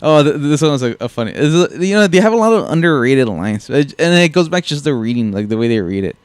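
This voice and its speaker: A man co-hosting a podcast in casual chat, animated and quoting lines with a laugh. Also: fairly high pitch, quick pace, clean tone, no room sound. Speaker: podcast co-host.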